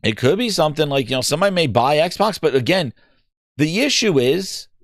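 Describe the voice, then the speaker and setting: A man's voice: a little high, expressive, fairly quick, no echo, studio quality. A man hosting a gaming podcast, talking in a rambling, casual way with lots of fillers and restarts. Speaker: podcast host.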